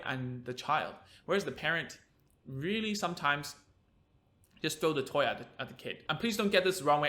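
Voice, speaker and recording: Bright-voiced man giving parenting advice. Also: a little high. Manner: energetic, conversational, frequent tag questions. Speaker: speech therapist. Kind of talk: educational video talk to parents.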